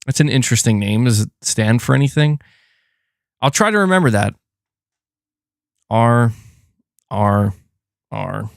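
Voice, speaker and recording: A man hosting a casual gaming live stream, reading and answering super chats in a chatty, animated way with frequent fillers. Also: medium pitch, gravelly, no echo, clean studio sound. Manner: chatty and animated, thanks donors, frequent fillers and self-corrections. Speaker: gaming channel host.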